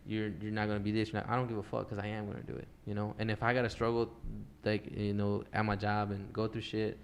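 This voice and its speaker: Young guy rambling fast on a podcast, lowish voice, swears a lot, bit of hiss behind. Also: little pitch movement. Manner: earnest, rambling, swears freely. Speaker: podcast host. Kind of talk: casual chat.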